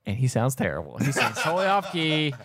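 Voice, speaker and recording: A man's voice: mid-range voice, a little fast, crowd noise. A man hosting a podcast, rambling through a plot recap and acting out lines. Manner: rambling, animated retelling with voices. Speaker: podcast host.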